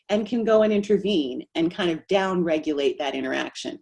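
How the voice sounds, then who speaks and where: A middle-aged woman, a speech-language pathologist, giving an animated webinar presentation. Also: medium pitch, moderate pace, hardly any pauses. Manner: animated, acts out quoted voices.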